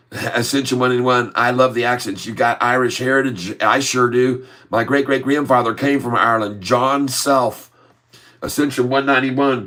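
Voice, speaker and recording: A middle-aged American man hosting a casual stock-trading livestream, reading viewer comments aloud and answering them in a relaxed, chatty way. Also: medium pitch. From USA. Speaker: livestream host reading chat.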